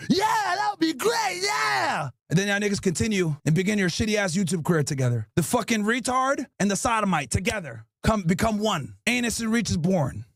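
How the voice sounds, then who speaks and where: A man hosting a podcast, loudly and profanely roasting people with mocking, animated comedy. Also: high voice, brisk, hardly any pauses, dry recording, clean studio sound. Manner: loud, mocking, animated, swears constantly. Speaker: podcast host.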